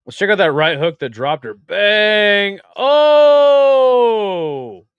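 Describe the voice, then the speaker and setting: Young male streamer, crude and jokey, slightly high, very animated delivery. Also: quick pace, no room sound, highs cut off. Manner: crude, excitable, joking with chat. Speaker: watch party host. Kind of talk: casual live-stream commentary.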